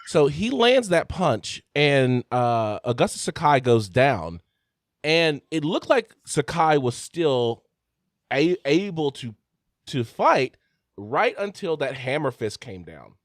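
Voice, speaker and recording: A man's voice: on the high side, very animated, takes it slowly, no echo. A man co-hosting a combat sports podcast, recapping fight results and asking questions in a casual way. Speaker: podcast co-host.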